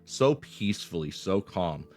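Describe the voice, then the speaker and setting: A man's voice: low voice, very animated, unhurried, a little mellow, faint music behind. A man in his twenties casually telling a personal story, swearing often and rambling with fillers. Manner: swears a lot, loose rambling delivery with fillers.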